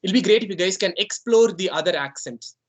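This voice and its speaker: A man's voice: sits high, lively intonation, a little fast, lo-fi sound. A man with an Indian English accent, the club president chairing an online meeting in a rambling, conversational way with many fillers.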